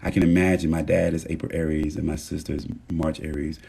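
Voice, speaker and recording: A man hosting a casual motivational livestream, talking straight to his viewers and thanking them, swinging between loud emphasis and soft murmurs. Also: very deep voice, flat delivery, fast, gravelly, breathy edge. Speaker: livestream host.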